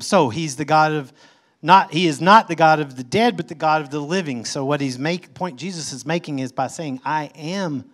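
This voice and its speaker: Preaching a sermon, the pastor reads passages of scripture and then talks through them in a conversational manner. He punctuates his points with emphatic shifts in pitch and volume.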